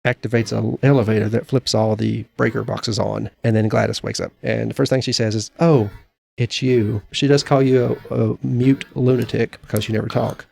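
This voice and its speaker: Gravelly, husky man rambling on a podcast. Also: mid-range voice, level tone, fairly quick, few pauses, darkish tone. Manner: rambling retelling with fillers and restarts. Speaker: podcast co-host. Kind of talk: casual chat.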